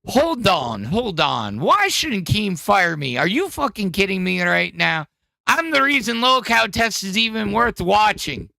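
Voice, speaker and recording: A man voicing a brash, aggressive male podcast host who boasts and shouts in a fake Welsh accent. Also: high-pitched, very animated, a little slow, vocal fry, no echo, pitched above the performer's own voice, exaggerated voice. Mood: defiant.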